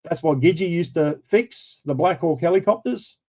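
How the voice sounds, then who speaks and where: A man's voice: on the high side, animated, normal speed, dark tone. A middle-aged Australian man hosting a stream, telling rambling army stories in casual chat and swearing freely. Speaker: livestream host. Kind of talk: casual storytelling.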